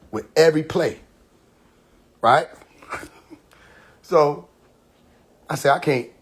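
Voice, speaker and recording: A man's voice: medium pitch, breathy edge. A man hosting a livestream, telling a story casually and animatedly, laughing often and acting out quoted dialogue. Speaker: live stream host. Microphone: phone livestream.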